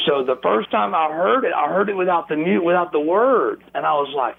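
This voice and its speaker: A man telling wrestling stories as an interview guest, animated and acting out crowd reactions and quotes. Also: on the high side, fairly quick, creaky, hardly any pauses, husky. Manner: animated storyteller, acts out crowd noises and quotes. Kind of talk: casual storytelling interview. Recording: tinny phone line.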